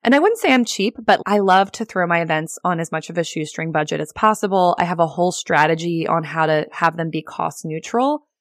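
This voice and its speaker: Woman, podcast host, lowish voice, casual and upbeat, dry close mic. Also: fairly quick, hardly any pauses, no room sound. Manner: chatty, upbeat, frequent "like" and laughs. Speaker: podcast host and real estate agent. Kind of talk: casual solo podcast teaching.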